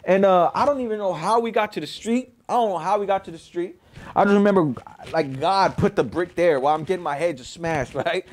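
A man tells his own story in a loose, conversational way, swearing freely and often asking "you know what I mean?" His speaking voice sits a little high for a man. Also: brisk. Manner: laid-back, profane, fills with "you know what I mean". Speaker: storyteller recounting his past. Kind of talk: casual spoken storytelling.

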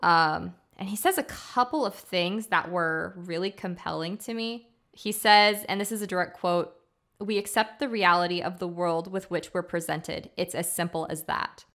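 A woman co-hosting a casual podcast, her voice sitting a little low. She retells a film in animated fashion, slipping into the characters' quoted lines between plenty of fillers. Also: moderate pace. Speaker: podcast co-host.

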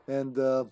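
A man's voice: medium pitch, dark tone. A man streaming a video game live, chatting casually, giggling often and talking to the game and his cat. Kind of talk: casual gaming commentary.

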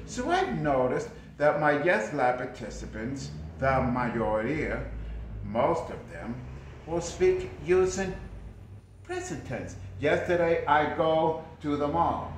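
Guy teaching english, slow and playful, voice jumps all over, really echoey room. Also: fairly high pitch, big pitch swings, slight background noise. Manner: playful, exaggerated, acts out student dialogue. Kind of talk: energetic language lesson. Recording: very echoey room with faint ambience.

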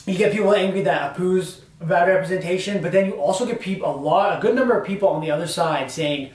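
Young male co-host, slightly high voice, earnest and filler-heavy, recorded from afar in an echoey room. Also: fast talker, hardly any pauses, a little mellow. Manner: earnest, building arguments with many fillers. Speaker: discussion co-host. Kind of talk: casual discussion on camera. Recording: roomy sound from a distant mic.

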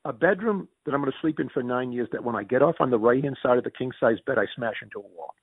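Read this as a gravelly, husky American man telling stories. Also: mid-range voice, no echo. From United States. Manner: rapid self-correcting anecdotes with quoted dialogue. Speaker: interview guest. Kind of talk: animated storytelling in conversation. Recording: dry sound over a phone-like line.

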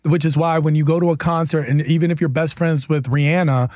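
A young man from the US East Coast, a comedian guest on a podcast, telling stories in a playful, animated way and repeating phrases. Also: a little high, fairly quick, no echo, clean studio sound. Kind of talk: casual chat.

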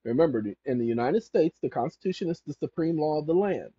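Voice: mid-range voice, expressive, quick pace, mellow, husky, dry recording. A speaker giving rambling legal commentary who reads passages aloud and keeps correcting themselves mid-sentence. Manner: emphatic and repetitive, corrects self mid-sentence. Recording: dull lo-fi recording.

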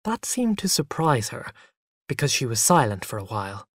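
Man narrating an expressive story. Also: mid-range voice, normal speed, dry recording, clean studio sound.

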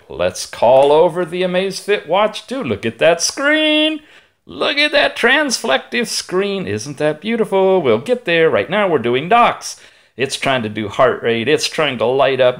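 Animated, chatty man reviewing gadgets. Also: on the high side. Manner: chatty, animated, digressive asides, playful exclamations. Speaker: tech reviewer. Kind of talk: hands-on product review.

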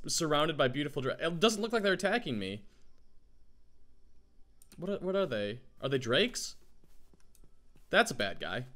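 A man with a groggy morning voice, chatting in a rambling, excitable way as he gives let's play commentary. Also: on the high side. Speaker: gaming YouTuber.

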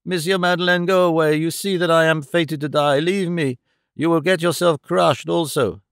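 A man's voice: on the high side, steady tone, normal speed, fairly bright tone, clean tone, no echo, clean studio sound, pitched above the performer's own voice. A man reading the part of an old carter crushed under a cart, crying out in a strained, gasping voice. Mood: pleading.

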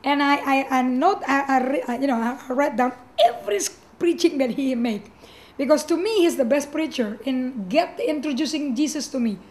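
A woman's voice: sits high, normal speed, darkish tone. A middle-aged woman, a pastor whose first language is Indonesian, telling her personal testimony in English with emotion, repeating herself and filling with "you know" and "like.". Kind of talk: personal testimony, earnest storytelling.

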